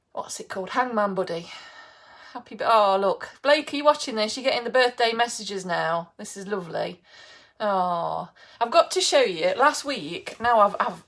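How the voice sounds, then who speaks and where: Middle-aged english lady chatting away on her live bake-along, bit high, laughs a lot. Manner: chatty, greets viewers by name, laughs often. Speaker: live baking host. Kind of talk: casual live-stream chat.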